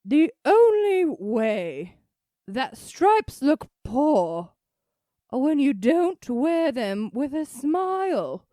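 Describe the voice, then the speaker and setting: A woman putting on an impression of a famous older TV chef, high and theatrical, for a podcast. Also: very animated, extremely slow, dark tone, dry recording, studio quality, full character voice. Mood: chirpy.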